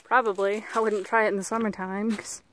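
A woman's voice: mid-range voice, little pitch movement, a little fast. A woman from the American South walking her dog in the woods, chatting casually and coaxing it in baby talk. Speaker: vlogger. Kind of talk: casual outdoor vlog. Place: outdoors in rural woods.

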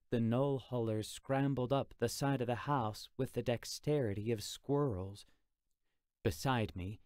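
A man narrates an audiobook from a script in a steady, measured storytelling style. His voice is medium-pitched, with clean studio sound and no room echo.

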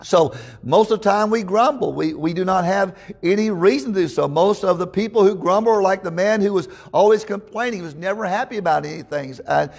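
Preacher, male, higher-pitched voice, folksy storyteller, restarts his phrases often. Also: brisk, creaky, hardly any pauses, darkish tone, husky. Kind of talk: sermon.

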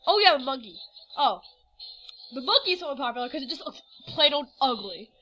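A woman's voice: high-pitched, very animated, a little fast, sharp tone, slight background noise, poor audio. A teenage girl chatting casually over a game recording, rambling with lots of fillers. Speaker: game vlogger. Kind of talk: casual chat with screen recording.

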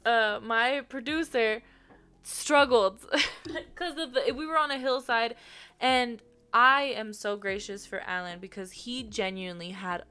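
Chatty young woman, smooth clear voice. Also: a little high, unhurried, bright, forceful tone. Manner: chatty and effusive, bursts of laughter. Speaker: singer reacting to her own music video. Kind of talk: casual chat.

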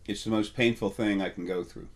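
A middle-aged man hosts an unscripted spiritual talk, his voice sitting a little low. He rambles and halts, piling up fillers and restarting his sentences. Now and then his voice catches with emotion. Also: fairly even intonation, brisk.

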